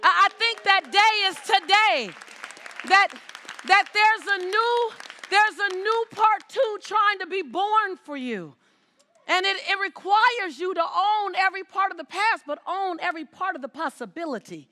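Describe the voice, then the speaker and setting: Bright, high-voiced woman giving a stage talk. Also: unhurried, some chatter behind, a little hiss or hum. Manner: emphatic, repeats phrases, calls out to the audience. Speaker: motivational speaker. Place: stage before a live audience.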